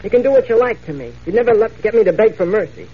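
A man's voice: high voice, animated, fast talker, slightly rough. An actor playing a plucky young male captive in a 1940s radio drama, defiant and earnest. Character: plucky young man, a captive cub reporter. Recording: tinny old radio recording.

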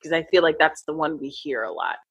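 A woman's voice: deep voice, brisk, vocal fry, slightly rough, no room sound, highs cut off. A middle-aged woman who teaches acting and accents, chatting casually and laughing often as she tells stories. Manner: animated, laughs often, slips into quoted voices. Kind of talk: casual conversation.

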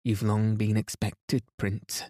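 A middle-aged wife speaks with stiff, forced politeness and a cross edge, as a man reads her in a bedtime audiobook. The voice is low and mellow, recorded dry. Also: flat delivery, slow, dry recording.

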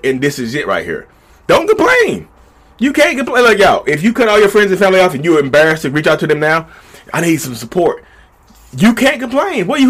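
A man's voice: fairly high pitch, a bit bright. A man giving blunt, profane relationship advice in a casual vlog monologue recorded in a backyard shed. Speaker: vlogger.

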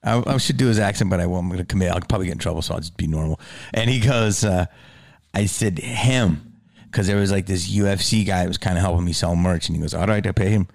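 A middle-aged man with a low, gravelly voice tells stories in a loose, swearing podcast chat. His voice jumps up when he gets excited and sinks to a murmur for asides. The sound is dry and close, with no room around it. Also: fast talker, no room sound. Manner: swearing, animated storyteller who drops low for asides. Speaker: guest comedian.

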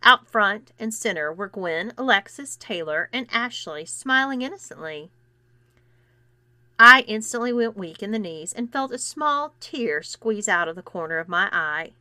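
Expressive woman reading a story aloud. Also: medium pitch, a little slow, dry recording. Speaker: narrator. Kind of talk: scripted first-person story narration.

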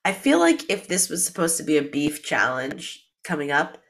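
Young woman, low-pitched, playful rambling co-host chat. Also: very animated, normal speed, fairly bright tone. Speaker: podcast co-host. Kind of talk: casual chat.

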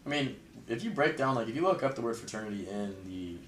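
A man's voice: mid-range voice, fast, roomy sound, distant mic, a little hiss or hum, rough recording. A young man chatting casually as an interview guest, rambling and filling his talk with "like". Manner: relaxed, rambling, heavy use of "like". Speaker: interview guest, fraternity member.

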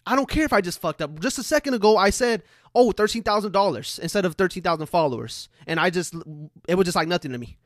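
A man's voice: high-pitched, animated, quick pace, no room sound, studio quality. A man giving a casual motivational monologue as a social media creator, blunt and profane, repeating himself for emphasis and talking straight to his viewers. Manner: addresses viewers directly.

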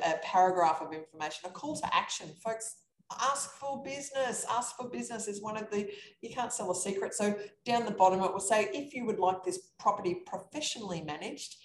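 A woman talks energetically about investing, telling her story with lots of animation. Her voice sits at a middle pitch. She comes through a video call in an echoey room, with a faint hiss underneath. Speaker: real estate investor and coach. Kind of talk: casual live podcast chat.

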